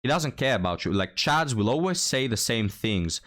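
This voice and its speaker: A man's voice: medium pitch, very animated, moderate pace, a bit bright. A man giving scornful, lecturing reaction commentary on a played clip.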